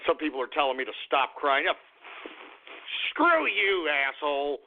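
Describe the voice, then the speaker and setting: A male talk radio host launching into an angry, profanity-laced political rant. His voice sits fairly high for a man. The sound is thin and tinny, as if heard over a phone line. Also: sing-song, normal speed.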